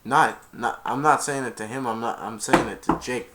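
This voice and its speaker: A man's voice: medium pitch, normal speed, very noisy. Rambling, hesitant young man. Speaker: co-commentator. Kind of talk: reaction commentary.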